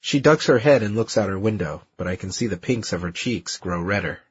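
A man narrating an audiobook in the first person, soft and reflective. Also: lowish voice, lively intonation, brisk, husky, no room sound. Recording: dull dry studio recording.

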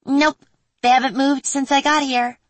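A woman's voice: high voice, little pitch movement, normal speed, dry recording, voice pushed up, lightly acted. A woman reading a storybook voices a carefree female fairy guard who speaks in a light, offhand way. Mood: breezy.

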